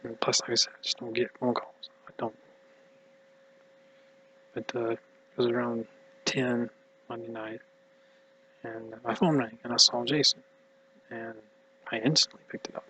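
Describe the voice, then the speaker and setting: A man rambling through a personal monologue in a tired, mumbly voice, halting and hushed, sometimes dropping to a whisper. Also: medium pitch, level tone, slight background noise, poor audio. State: exhausted. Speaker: vlogger.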